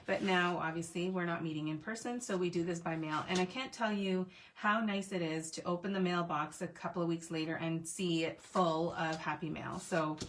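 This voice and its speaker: A woman in her thirties, fairly low-pitched, chats with viewers as she hosts a card-making livestream from her craft desk. She talks in a relaxed, playful way while she works. A faint hiss sits under her voice. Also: normal speed, hardly any pauses. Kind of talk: casual crafting demo chat.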